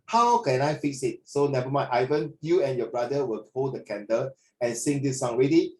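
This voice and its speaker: A man's voice: medium pitch, normal speed, rough recording. A man teaching an online lesson over a video call, playful and teasing as he corrects a student and calls him "my dear".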